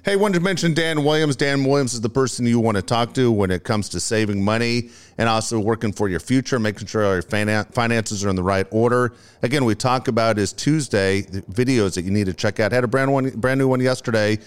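A man's voice: medium pitch, a little fast, few pauses, clean tone. A man co-hosting a radio show, doing upbeat sponsor reads and repeating phone numbers.

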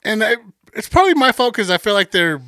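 A man's voice: sits high, sing-song, fast talker, bright, forceful tone, dry recording, clean studio sound. A young man of Mexican heritage, co-hosting a podcast, telling a profane story in casual chat. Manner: profane, storytelling with acted quotes. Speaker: podcast co-host.

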